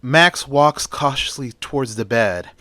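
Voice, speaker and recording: Amateur male storyteller, bright voice, dry close sound. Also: medium pitch, a little slow, no echo. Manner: run-on, plainspoken telling. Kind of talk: amateur fan-story narration.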